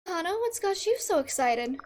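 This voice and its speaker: A woman's voice: extremely high pitch, big pitch swings, moderate pace, darkish tone, voice pushed up. A woman voicing a proud, ruthless noble mother in a game scene, speaking in a regal, indulgent way.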